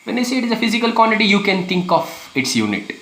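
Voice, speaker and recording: Emphatic physics teacher, echoey. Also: male voice, high voice, big pitch swings, fast, fairly bright tone. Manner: repetitive, emphatic, asks rhetorical questions. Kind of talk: classroom lecture.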